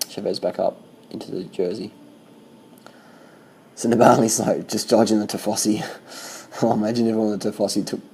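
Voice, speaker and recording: Gravelly low-voiced man, casual race chatter. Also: slight background noise, low-quality recording. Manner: swears freely, talks in loose animated bursts. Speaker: cycling vlogger commenting on race footage. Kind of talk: casual reaction commentary.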